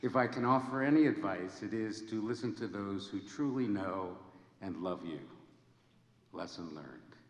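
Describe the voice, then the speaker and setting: A man in his seventies gives an earnest, measured ceremony speech in a large hall. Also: lowish voice. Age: 70s. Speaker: honorary degree recipient giving a speech. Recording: echoey hall with long reverb.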